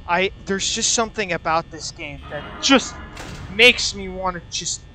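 A man's voice: sits high, unhurried, pushed and bright, faint music behind. A young man nervously commentating a horror game, swearing, muttering and talking nonstop to cope with fear. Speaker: gaming channel host. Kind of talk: nervous let's-play commentary. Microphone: wearing a mask over the mouth.

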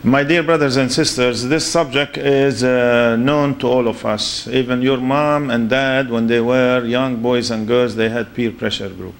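A man's voice: mid-range voice, steady tone, a little slow, few pauses. A man with a foreign accent giving a storytelling religious lecture and checking in with his listeners. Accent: foreign accent in English. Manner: anecdotal, checks in with listeners with "huh?".

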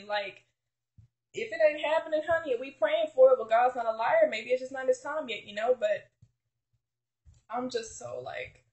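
A woman's voice: a little high, a little mellow. A woman giving a fervent, gushing faith testimony to viewers, restarting her sentences and calling them honey. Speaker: faith vlogger. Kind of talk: emotional personal faith testimony.

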